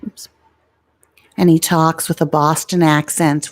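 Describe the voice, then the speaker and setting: A woman's voice: low voice, flat delivery, takes it slowly, long pauses, a little hiss or hum. A middle-aged woman from New York, hosting a casual live stream with blunt opinions, many fillers and rambling tangents, into an ASMR microphone. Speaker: YouTube live-stream host.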